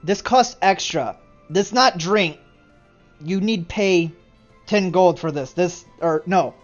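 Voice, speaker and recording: A woman doing a blunt, gruff haggling companion. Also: on the low side, slow pace, muffled recording, soft background music. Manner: gruff broken speech.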